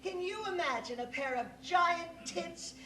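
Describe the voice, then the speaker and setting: A man's voice: very high voice, animated, measured pace, sharp tone, slight background noise, heavily acted. A man playing an aging, acid-tongued female film star on stage, drawling and profane. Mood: scornful. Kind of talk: stage play acting. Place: theater stage. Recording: echoey live stage recording.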